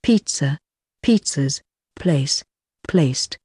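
A woman reading a vocabulary list aloud, one word at a time with pauses between. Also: low voice, animated, warm tone, slightly rough, no echo, studio quality. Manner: slow, evenly paced, one word at a time.

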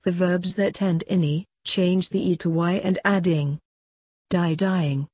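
A woman slowly reading grammar drills for a course book in a measured, clearly enunciated way. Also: on the low side, fairly even intonation, a little mellow, no echo, clean studio sound. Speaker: course audio narrator. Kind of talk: scripted textbook audio reading.

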